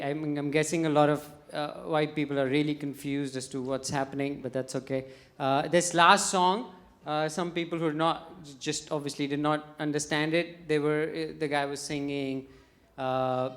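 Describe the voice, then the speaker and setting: A stand-up comedian from India, talking in a chatty, halting way with many fillers on a festival stage. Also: mid-range voice, a bit bright.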